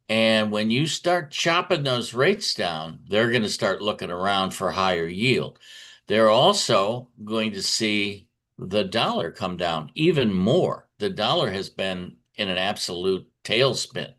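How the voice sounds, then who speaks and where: A man's voice: on the low side, fairly bright tone. A man giving a conference talk on markets, telling stories in a chatty way with frequent fillers and restarts. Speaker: market commentator.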